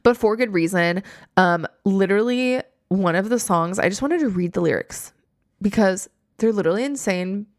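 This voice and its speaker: A woman in her late twenties hosting a podcast, chatting casually in a slangy, animated storytelling way. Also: mid-range voice, moderate pace, dry recording, clean studio sound. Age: 20s. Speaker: podcast host. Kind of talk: casual chat.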